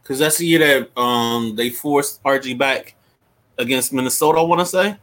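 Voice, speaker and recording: A man's voice: medium pitch, moderate pace, fairly bright tone. A man co-hosting a sports podcast in casual talk, adding brief, dry remarks.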